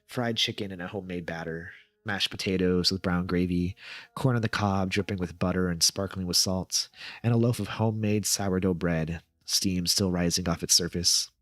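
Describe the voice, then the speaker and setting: Low-voiced male horror story reader, dry close mic, measured. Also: a bit bright, no echo.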